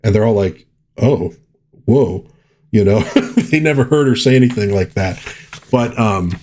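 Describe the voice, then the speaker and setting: A man's voice: fairly low pitch, animated, moderate pace, a little mellow, slight background noise. A middle-aged man hosting a casual live stream, chatting with enthusiasm and rambling through lots of fillers. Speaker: host.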